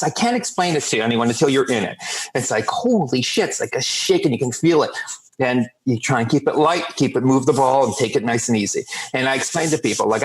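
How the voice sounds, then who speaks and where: A man who works as a sober coach, telling blunt, profane stories in a calm, steady way as a podcast guest. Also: mid-range voice, low-quality recording. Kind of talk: casual podcast storytelling.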